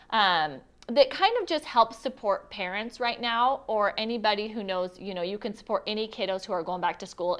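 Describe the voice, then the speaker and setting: Chatty woman hosting a live stream. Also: on the high side. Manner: chatty, giggly, reads viewer comments aloud. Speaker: livestream host. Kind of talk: casual live-stream chat.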